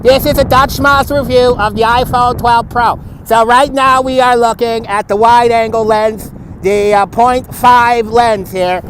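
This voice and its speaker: A man livestreams a casual walk through the city at night, speaking into a phone on a gimbal, laughing often and repeating himself. His voice is extremely high and fairly bright, with a steady tone and a slightly slow pace. The recording is rough, with a little hiss or hum.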